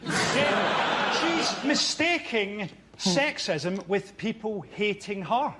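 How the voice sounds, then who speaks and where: A Scottish man delivering dark one-liners on a comedy panel, dry in manner. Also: high-pitched, expressive, drawn-out words, very noisy.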